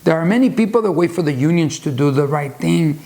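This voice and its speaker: A man's voice: fairly high pitch, lively intonation, a little fast, gravelly, mellow. A man hosting a video channel, talking casually and rambling through a book recommendation with many restarts and side stories. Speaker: YouTube host discussing a book. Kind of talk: casual unscripted talk.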